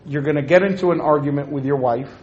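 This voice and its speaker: A man gives a humorous religious talk, joking with the audience and acting out little scenes as he goes. His voice sits a little high for a man, with a faint hum of noise underneath. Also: fast, a little mellow, lo-fi sound. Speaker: speaker at an Islamic talk.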